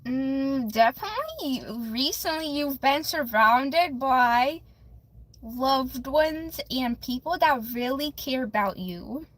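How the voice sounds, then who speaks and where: A bubbly young woman chats with her livestream viewers and reads tarot cards for them, giggling often. Her voice sits high, with a bright, sharp edge. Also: lively intonation, slow pace, no room sound, rough recording. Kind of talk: casual livestream chat.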